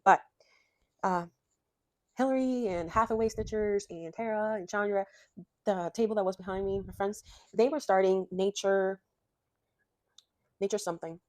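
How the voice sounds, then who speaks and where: A woman's voice: mid-range voice, no echo. Chatty woman stitcher, dry sound. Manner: rambling, excited, gushing with fillers. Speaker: cross stitch vlogger. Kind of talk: casual chatty vlog. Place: home craft room.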